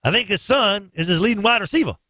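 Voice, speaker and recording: A man's voice: high voice, lively intonation, quick pace, bright, forceful tone, dry recording, studio quality. A man hosting a morning sports radio show, making picks in a loose, joking way. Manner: loose, joking, sings snatches of songs. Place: radio studio.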